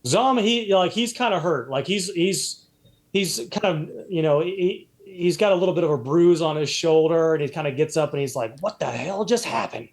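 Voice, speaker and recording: A man's voice: on the high side, moderate pace, darkish tone. A man running a tabletop role-playing game as game master, narrating loosely with many fillers and restarts.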